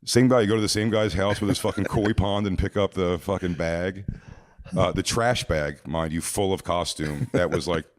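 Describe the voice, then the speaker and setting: A man's voice: deep voice, moderate pace, no room sound. A man telling a rambling comic story on a podcast, acting out the people in it. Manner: rambling, animated, acts out voices in stories. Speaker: podcast guest. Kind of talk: comedic storytelling.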